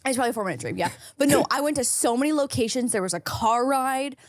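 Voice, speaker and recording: Animated young woman telling a story. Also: fast, no echo, clean studio sound. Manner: animated, lots of "like", quotes people in a high put-on voice. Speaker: podcast co-host. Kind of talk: casual chat, storytelling.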